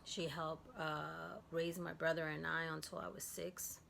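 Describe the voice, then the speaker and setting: A woman from Guatemala telling a personal story in a vlog, soft and halting, with many fillers. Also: low voice, little pitch movement, creaky, slight background noise. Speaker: vlogger.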